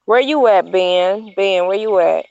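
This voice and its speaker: A woman with a mid-pitched voice talks casually, rambling and correcting herself as she goes. She sounds exasperated at times. The audio is muffled and lo-fi. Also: unhurried, gravelly, a little mellow, a little hiss or hum. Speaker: group chat member. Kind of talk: casual chat.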